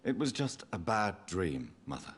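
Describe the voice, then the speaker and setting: A man voicing a grave, sorrowful son in game dialogue, speaking softly and patiently to his confused mother. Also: fairly low pitch, sing-song, moderate pace, husky. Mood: gentle sorrow. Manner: soft, patient, restrained sorrow. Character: grave young doctor son, gentle and sorrowful. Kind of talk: video game voice acting. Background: game music.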